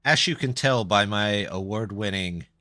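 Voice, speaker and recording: A man with a lowish, slightly slow voice that sounds pushed and bright chats casually with viewers while live-streaming a game, responding to their comments in a loose, self-deprecating manner. There's no room sound on the recording.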